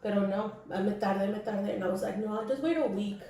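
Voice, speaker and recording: A woman chats casually as a podcast co-host, telling a personal story and mixing English and Spanish as she goes. Her voice sits at a middle pitch. It is recorded in a very echoey room. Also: fast talker, mellow, far from the mic. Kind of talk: casual chat.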